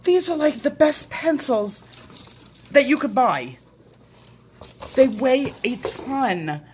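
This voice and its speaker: Middle-aged woman host, unhurried delivery, breathless gushing, faint background hiss. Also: sits high, sing-song, darkish tone. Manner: breathless, gushing, repeated exclamations. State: shaky with excitement. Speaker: coloring channel host. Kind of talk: excited unboxing vlog.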